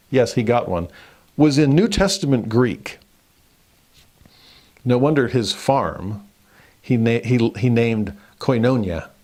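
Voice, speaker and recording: A man's voice: mid-range voice, darkish tone. A man giving a Bible lesson who eagerly addresses listeners with questions before reading a passage aloud. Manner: enthusiastic, asks the audience questions. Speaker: religious lecturer.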